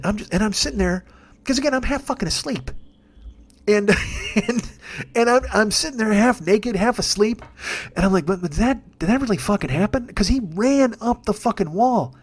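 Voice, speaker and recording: A man telling a long comic story in a profane, rambling, animated way, as a podcast host. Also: high-pitched. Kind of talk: comedic storytelling monologue.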